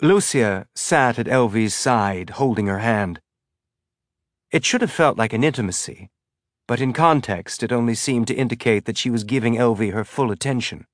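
Male narrator, mid-pitch, steady audiobook read, dry close mic. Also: moderate pace, no echo.

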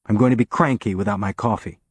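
A man's voice: lowish voice, quick pace, slightly rough, no echo. A man voicing a wry spaceship captain who gives orders in a dry, easy tone.

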